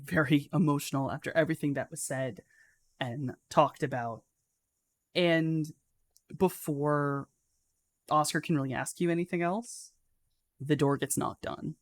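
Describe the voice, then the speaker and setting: A man's voice: on the high side, a bit bright, no room sound. Man, game master, casual narration, dry close sound. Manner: loose, conversational narration with fillers.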